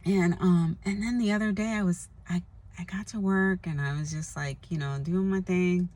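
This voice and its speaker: A woman's voice: fairly low pitch, steady tone, normal speed, a little mellow. A woman vlogger talking casually and earnestly to camera, rambling with lots of "like" and "you know.". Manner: earnest, confessional. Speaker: spiritual vlogger. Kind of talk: casual spoken monologue.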